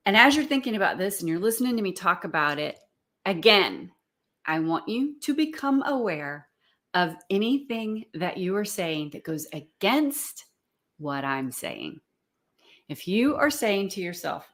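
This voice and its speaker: A woman's voice: medium pitch, very animated, a little slow, fairly bright tone. Earnest woman coach asking questions. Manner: earnest, asks many probing questions. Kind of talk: live-streamed coaching talk.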